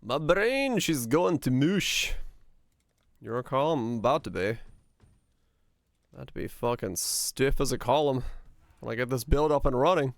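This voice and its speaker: A man's voice: medium pitch, expressive, normal speed, gravelly, pauses often, dry recording, studio quality. A young man streaming a game, rambling and joking to himself and humming nonsense tunes in casual chatter. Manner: hums and sings nonsense tunes.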